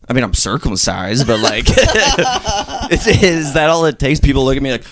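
A man rambles through a loose, profane stand-up bit for his friends. He talks at a middling pitch and keeps laughing at his own jokes. A light hiss of noise sits under the recording. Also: normal speed, a bit bright. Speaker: amateur stand-up comic. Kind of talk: mock stand-up set among friends. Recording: background noise.

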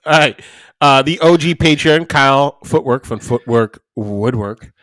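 A man co-hosting a podcast, talking casually at a middle pitch, rambling and swearing as he tells stories. His voice is close and dry, with no room sound. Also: unhurried, a bit bright, no echo. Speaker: podcast co-host. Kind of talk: casual chat.

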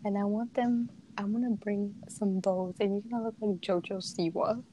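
A teenage girl chatting casually and telling a story, animated and giggly, laughing often. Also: medium pitch, normal speed, heavy background noise. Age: teens. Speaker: podcast co-host.

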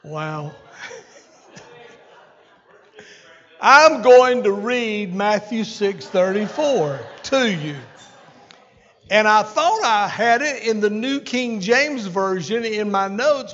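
A man's voice: high voice, fairly bright tone. A man preaching a sermon as senior pastor in a church, folksy and conversational, with asides to his congregation. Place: church sanctuary. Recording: dull sermon recording with long hall reverb.

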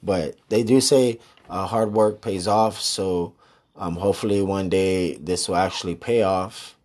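A man's voice: low voice, steady tone, a little slow, a little mellow. A man hosting his own podcast alone, talking in a laid-back, rambling way full of slang and swearing. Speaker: podcast host. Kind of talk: casual solo podcast chat.

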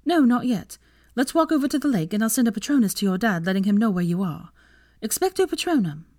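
A woman's voice: a little high, very animated, quick pace, warm tone, no echo, studio quality, voice pushed up. A woman voicing a spirited, defiant young witch in an audiobook reading, with an emphatic delivery. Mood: calm.

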